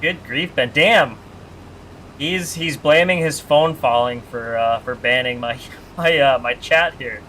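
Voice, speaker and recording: A man's voice: medium pitch, slow pace, a bit bright, a little hiss or hum. A man chatting casually with his live-stream audience while playing a farming game, joking and reading the chat aloud.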